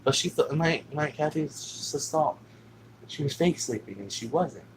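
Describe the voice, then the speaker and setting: A man's voice: a little high, lively intonation, normal speed, a little hiss or hum, low-quality recording. A man telling a personal story in a casual, rambling way, swearing often and filling gaps with "you know what I'm saying.". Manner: rambling, profane, with many fillers.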